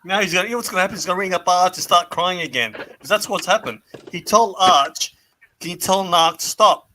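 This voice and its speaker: A man with a very bright, tense voice trades teasing jokes in loose group chat. His pitch sits a little high. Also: quick pace, slight background noise. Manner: teasing, joking. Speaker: show regular.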